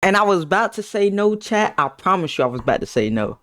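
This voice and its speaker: A young man streamer telling a casual storytime to his chat in an animated, slangy way, often repeating words. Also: sits high, fast.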